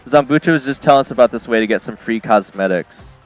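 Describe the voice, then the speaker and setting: A man's voice: mid-range voice, quick pace, faint music behind. An American man chatting casually on a live stream, reading and answering chat by name and laughing often. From United States.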